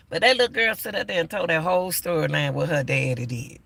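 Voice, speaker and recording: A man's voice: a little high, lively intonation, fast, vocal fry, hardly any pauses, pushed and bright. An older man giving casual, emphatic commentary as a channel host, often repeating himself. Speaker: YouTube commentator.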